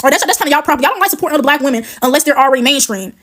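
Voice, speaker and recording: A woman's voice: sits high, lively intonation, racing, a bit bright. A woman ranting bluntly and profanely in a casual clip. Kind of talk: casual rant.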